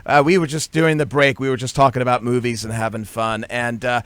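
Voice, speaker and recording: A man's voice: medium pitch, little pitch movement, quick pace, fairly bright tone, no echo. A male radio talk show host interviewing a guest, easygoing with many fillers.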